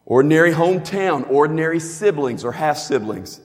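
A man's voice: on the high side, expressive, moderate pace, faint music behind. A man preaching a sermon as a pastor, earnest and emphatic in a teaching way. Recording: long hall reverb.

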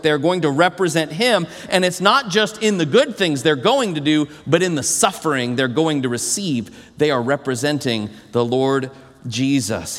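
A man delivers a sermon in a high, bright register, animated and emphatic, sinking low and slow on key phrases. His voice rings through a church with a long, lingering reverb. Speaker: pastor.

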